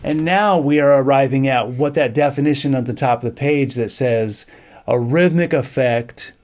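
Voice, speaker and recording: Man, middle-aged, band teacher, counts off beats, sings rhythms aloud, mid-pitched. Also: darkish tone. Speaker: band director teaching music. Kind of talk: instrument lesson with counting.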